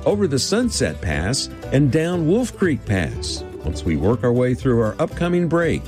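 Folksy male radio host, lively delivery. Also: medium pitch, unhurried, over music. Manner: folksy, playful introductions. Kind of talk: radio music show presenting. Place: radio studio.

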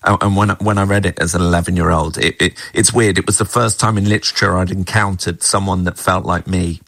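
A man's voice: low-pitched, steady tone, quick pace, creaky, a bit bright, dry recording. A middle-aged man, a screenwriter being interviewed, talking in a thoughtful, musing way. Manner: thoughtful, musing, with small laughs. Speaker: guest, screenwriter of the adaptation. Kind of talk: reflective interview talk.

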